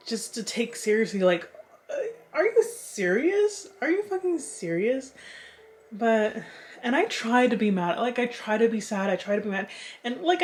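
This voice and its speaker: A young woman vlogging in casual chat, chatty and animated, swearing freely as she talks. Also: medium pitch.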